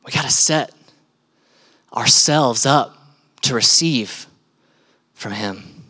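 A young man preaching a sermon in an animated, joking style, laughing often. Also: medium pitch, slow pace, husky. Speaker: pastor. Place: church stage.

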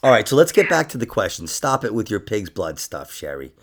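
A man's voice: on the low side, big pitch swings, a little fast, creaky, a crowd in the background. A man hosting a podcast in casual chat, teasing his guest and swearing freely. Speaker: podcast host.

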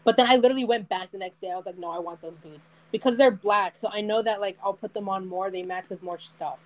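A woman's voice: medium pitch, fast, low-quality recording. A young woman in casual chat, rambling and laughing often as she tells stories.

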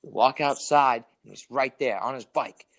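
A young man telling a story in casual chat, animated and profane, full of "dude" and "like". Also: medium pitch, normal speed.

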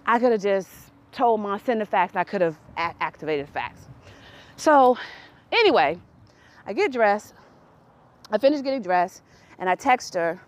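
Animated high-voiced woman telling a story. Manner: animated, laughing, reenacts dialogue with rising exasperation. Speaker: podcast host. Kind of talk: casual storytelling monologue.

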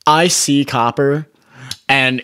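A man's voice: medium pitch, slow, bright, forceful tone, smooth. A man co-hosting a podcast in casual chat, rambling with restarts, laughing often and swearing. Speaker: podcast co-host.

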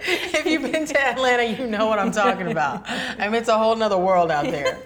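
A woman's voice: fairly high pitch, animated, fairly quick, fairly bright tone. A woman from California, a singer-songwriter guest, chatting casually in an interview and often tagging her sentences with "you know?".

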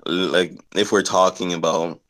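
A young man from Nigeria in casual podcast chat, relaxed and quick to laugh, with plenty of fillers. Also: deep voice.

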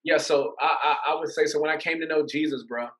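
A man, an interview guest giving a casual faith testimony as an animated storyteller who acts out voices and laughs often. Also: on the high side, quick pace, poor audio. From Atlanta, USA.

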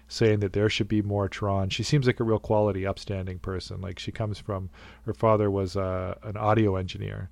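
Man, podcast host, casual chat, low voice, dry close sound. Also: gravelly, no room sound. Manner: animated, jokey, quick to laugh.

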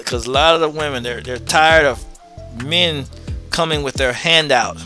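A man talking straight to his viewers in a blunt opinion monologue, his voice pitched a little high and pushed hard with a forceful, tense edge. He repeats phrases over and over to drive each point home. Soft music plays faintly underneath. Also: moderate pace. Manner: emphatic and repetitive, hammering points home; casual and blunt, drops in slang. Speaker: host of his own commentary show.

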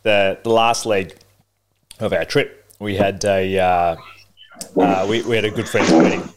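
A man co-hosting a podcast, chatting casually with many halting fillers. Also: low voice, steady tone, noisy background. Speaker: podcast co-host. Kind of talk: casual chat.

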